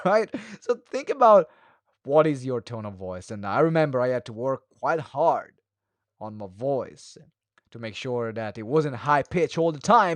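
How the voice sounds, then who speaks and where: A man teaching a live webinar as a speaking coach, talking quickly with many fillers and restarts and shifting his pace and pitch for emphasis. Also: big pitch swings, no room sound. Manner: fast talker who varies pace and pitch; moves hands and head while talking.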